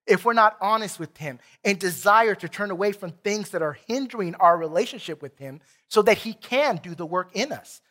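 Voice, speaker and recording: A pastor with a Texan accent preaching an earnest, emphatic sermon in a church and reading scripture aloud. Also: male voice, high-pitched, pushed and bright. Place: church sanctuary.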